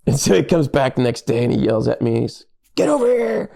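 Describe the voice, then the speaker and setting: Speaking quickly in a gravelly, medium-pitched voice, this middle-aged man is a pastor guesting on a podcast. He chats casually, spinning animated anecdotes and voicing the people he quotes.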